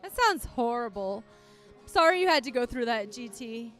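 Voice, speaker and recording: Woman, podcast co-host, bubbly, teasing, high voice, faint music behind. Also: lively intonation, moderate pace, fairly bright tone. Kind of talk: casual bar podcast chat with ad reads. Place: bar.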